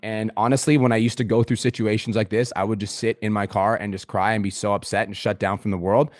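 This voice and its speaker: A man coaching a client on a group video call, swearing constantly in a pumped-up motivational manner with sudden loud outbursts. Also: lowish voice, level tone, fast talker, dry recording, clean studio sound. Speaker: business coach.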